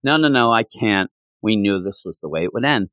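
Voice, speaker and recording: A man playing a low, calm mobster. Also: a little fast, dry recording, studio quality. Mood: resigned calm. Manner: steady, quiet and composed. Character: calm, resigned middle-aged male mobster.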